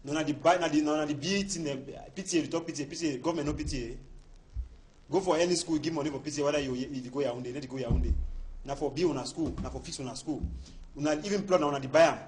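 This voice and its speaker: Cameroonian pidgin guy arguing on a tv panel, fast, keeps repeating words, slight noise. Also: on the high side, darkish tone. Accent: Cameroonian Pidgin English. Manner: emphatic, repeats words while building points. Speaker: debate panelist. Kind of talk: heated studio debate.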